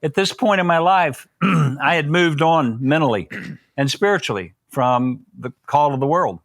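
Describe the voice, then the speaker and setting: A man's voice: a little high, measured pace, a bit bright, dry recording. An older man, a guest on a podcast, telling a long personal story in a folksy way and acting out what people said. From Southern United States. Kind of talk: storytelling interview.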